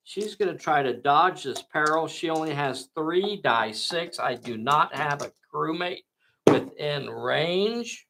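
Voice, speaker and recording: A man narrates a tabletop miniatures game like a showman, calling out dice rolls and talking to the audience as boys and girls. His voice is bright and forceful, with a gravelly rasp underneath. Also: on the high side, lively intonation, slow. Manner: addresses viewers as boys and girls, dramatic asides. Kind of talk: enthusiastic play-by-play narration.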